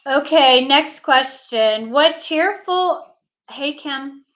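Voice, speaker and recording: Slow, high-voiced woman reading trivia. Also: expressive, a bit bright. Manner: reads questions slowly and repeats answers. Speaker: co-host reading trivia questions. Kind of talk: casual livestream chat.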